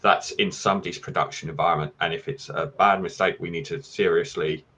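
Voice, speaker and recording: A man speaking as a guest in a casual panel discussion over a video call, explaining in a steady, measured way. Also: low-pitched, highs cut off.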